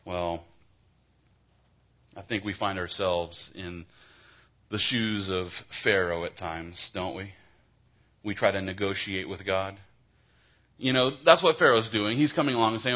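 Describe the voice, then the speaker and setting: A man's voice: lowish voice, moderate pace, lo-fi sound. A male pastor giving an expository sermon in a conversational style, often restarting his phrases. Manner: conversational preaching with frequent restarts.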